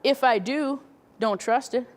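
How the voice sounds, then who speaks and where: A woman's voice: fairly high pitch, a little slow, in a large hall. A woman presenting a training workshop, explaining step by step and asking the audience questions. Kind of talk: training talk.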